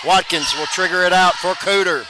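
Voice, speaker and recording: Play-by-play caller, male, pitched high, quick calls with bursts of excitement, gym noise in the background. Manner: rapid calls, bursts of excitement on made shots. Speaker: play-by-play announcer. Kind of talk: live basketball play-by-play. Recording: noisy gym ambience behind voice.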